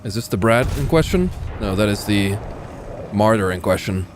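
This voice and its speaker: A man's voice: fairly low pitch, expressive, moderate pace, a little hiss or hum. A young man with an American accent, casually commenting while playing a tank game, joking and swearing. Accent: General American. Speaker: gaming streamer. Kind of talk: live gameplay commentary.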